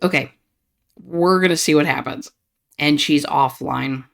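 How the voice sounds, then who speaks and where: A woman hosting a let's play, chatty and reacting out loud as she reads a chat game. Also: low-pitched, unhurried, vocal fry. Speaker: gaming channel host.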